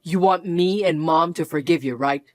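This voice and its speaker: A man's voice: on the high side, normal speed, no echo, close to an everyday voice. A man playing a sneering, controlling husband. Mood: scolding. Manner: sneering, laughs often. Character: mocking controlling young husband. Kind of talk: narrated drama acting.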